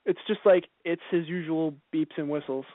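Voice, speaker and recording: High-voiced man on a tinny podcast line. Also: fairly even intonation, normal speed, no room sound. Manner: hesitant, laughs often. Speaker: podcast co-host. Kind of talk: casual chat. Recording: dry, phone-like lo-fi audio.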